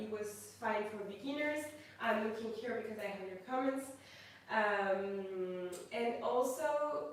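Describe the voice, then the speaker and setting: A woman with a French accent leading a yoga class on a livestream, giving calm, slow cues and then chatting and thanking her students. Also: fairly high pitch, a little hiss or hum. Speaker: yoga instructor. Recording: echoey room, mic at a distance.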